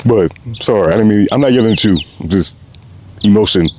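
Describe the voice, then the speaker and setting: A man's voice: on the low side, fairly quick, darkish tone, a little hiss or hum. A young man hosting his own show, talking passionately in a loose, rambling way with lots of slang, outdoors. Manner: passionate, rambling, slangy, often says "bro". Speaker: podcast host. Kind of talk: unscripted heartfelt monologue.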